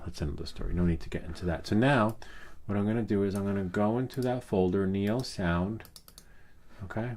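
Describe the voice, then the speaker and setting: A middle-aged man with a very low voice walks through a software tutorial in a loose, unscripted way. He rambles, wanders off into asides and fills the gaps with ums and uhs. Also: slight background noise. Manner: rambling, chatty, with many fillers and asides. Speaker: tech tutorial host. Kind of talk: casual screen-recorded tutorial.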